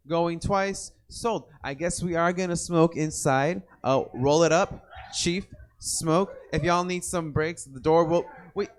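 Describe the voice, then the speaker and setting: A young man emceeing a poetry slam in a loose, rambling, joking way, hyping the crowd. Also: high-pitched. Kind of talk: casual emcee banter to a live crowd. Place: indoor poetry venue with audience.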